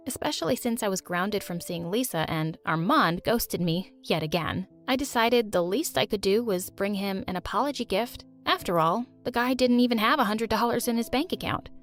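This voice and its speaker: A woman narrating a first-person animated drama in an expressive, dramatic storytelling manner. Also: mid-range voice.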